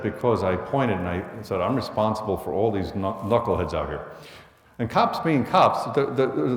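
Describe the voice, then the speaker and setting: A man's voice: mid-range voice, a little mellow. Blunt New York man in an echoey hall. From the Bronx, New York. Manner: blunt, conversational, acts out quoted orders. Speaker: police lieutenant speaking to students. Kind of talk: storytelling talk to an audience. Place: school hall.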